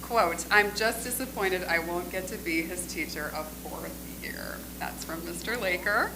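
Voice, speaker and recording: A woman's voice: fairly low pitch, measured pace, background noise. A woman filling in for the principal at a school board meeting, joking a little and reading teachers' notes about a student. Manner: chatty and joking, drops quieter while reading. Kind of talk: reading award tributes at a meeting.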